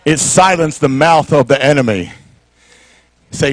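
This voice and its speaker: A middle-aged man preaching a sermon in church, with call-and-response that swings from soft talk to shouting. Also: a little high, measured pace, dry recording. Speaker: pastor.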